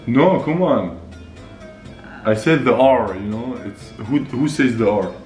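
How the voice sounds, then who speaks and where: A man's voice: mid-range voice, expressive, measured pace, darkish tone. A man guesting on a vlog, chatting casually, laughing often and singing lyrics in put-on accents. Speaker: guest vlogger. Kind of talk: casual chat, accent challenge. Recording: echoey room, faint music.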